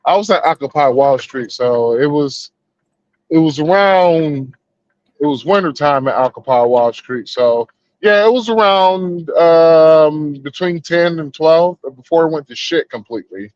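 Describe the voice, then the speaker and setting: A man's voice: on the high side, lively intonation, a little slow, darkish tone, dry recording, highs cut off. A man with a Southern US accent trading crude, laid-back stories as a podcast co-host. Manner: laid-back storytelling with slang and profanity. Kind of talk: casual crude banter.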